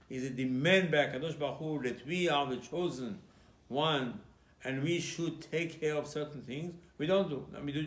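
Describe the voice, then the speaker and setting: Gravelly-voiced rabbi preaching in an echoey room. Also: male voice, a little high. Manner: emphatic storytelling, acting out dialogue between biblical figures. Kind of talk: Purim sermon.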